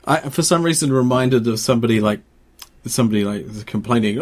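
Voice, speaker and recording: A man's voice: lowish voice, steady tone, a little fast. Chuckling New man, rambling. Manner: laughs often, rambling with fillers. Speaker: podcast co-host. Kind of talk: casual chat.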